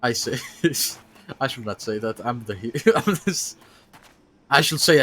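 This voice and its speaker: A man casually commenting on a video game as he streams it, thinking aloud and sometimes yelping with excitement. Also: medium pitch, measured pace. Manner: chatty, thinks aloud, bursts into excited yelps. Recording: game music playing behind.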